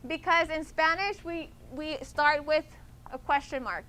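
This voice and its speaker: A woman's voice: high voice, a little slow, a bit bright. A woman teaching a Spanish class, patient, checking often that students follow. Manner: patient, repeats and checks understanding with "okay?".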